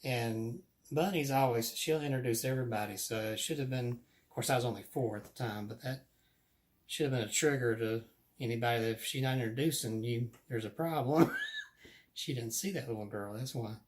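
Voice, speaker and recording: A man's voice: mid-range voice, moderate pace, slight background noise. Man, casual storyteller, chatty, laughs often, voice of medium height. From Alabama. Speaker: guest telling ghost stories.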